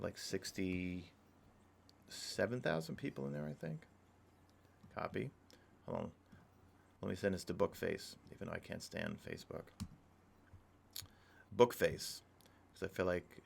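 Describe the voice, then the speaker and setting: A man's voice: low-pitched, creaky, a bit bright. A young adult man streaming a game live, chatting casually in a rambling way and greeting viewers from chat. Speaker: gaming streamer.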